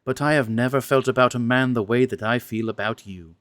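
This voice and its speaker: A man voicing a frank, seductive aristocratic woman, speaking in a husky, formal and measured way in a storybook reading. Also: medium pitch, fairly even intonation, a bit bright, no room sound, studio quality, close to an everyday voice. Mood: intimate, pleading.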